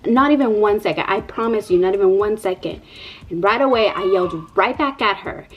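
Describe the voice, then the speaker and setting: A woman's voice: mid-range voice, brisk, husky, low-quality recording. A young mother tells a casual storytime vlog in a mid-range voice. She is chatty and profane, and she fills her sentences with "like" and "you know.". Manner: chatty, profane, many fillers. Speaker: vlogger, mother.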